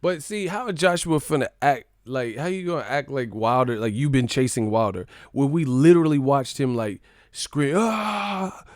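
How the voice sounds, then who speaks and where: A young man hosts a casual live stream, riffing in loose slang and calling out to his viewers. His voice is smooth and clear, recorded close and dry with no room sound. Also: medium pitch, animated, moderate pace, a little mellow, no room sound. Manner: loose, joking, slangy, talks to chat.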